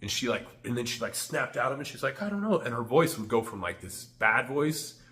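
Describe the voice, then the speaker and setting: A man's voice: medium pitch, normal speed, sharp tone. A man telling a candid, rambling personal story to the camera, full of "like" fillers. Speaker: vlogger.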